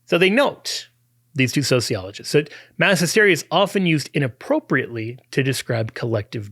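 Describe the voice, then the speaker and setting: A man's voice: a little high, gravelly, sharp tone, dry recording, clean studio sound. A man hosting a talk podcast, explaining an argument in a conversational way with restarts and small chuckles. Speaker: podcast host. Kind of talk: apologetics talk.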